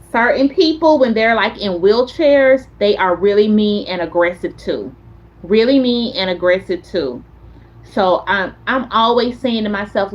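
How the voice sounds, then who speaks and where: A woman hosting a casual chat stream, telling animated stories and talking straight to her viewers. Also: mid-range voice, dull audio. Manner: chatty, animated storyteller, talks straight to viewers. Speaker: content creator host.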